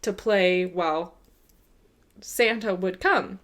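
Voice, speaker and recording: A podcast co-host with a fairly low voice speaks slowly while telling a funny story in casual chat. She is animated and laughs often as she goes.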